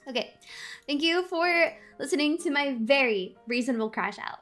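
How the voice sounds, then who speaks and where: A woman streamer in a casual live-stream rant, animated, swearing a lot and laughing often. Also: sits high, moderate pace, faint music behind. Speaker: VTuber streamer.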